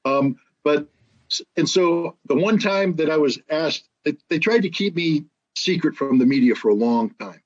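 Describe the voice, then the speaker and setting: A man's voice: on the high side, lively intonation, normal speed, dull audio. A man telling stories in casual conversation, emphatic, with frequent restarts. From United States. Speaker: guest, former weapons inspector.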